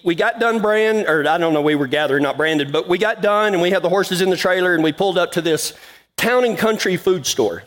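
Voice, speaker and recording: A middle-aged man telling a folksy story in a cowboy sermon, drawling and laughing at his own tale. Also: on the high side. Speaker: cowboy preacher.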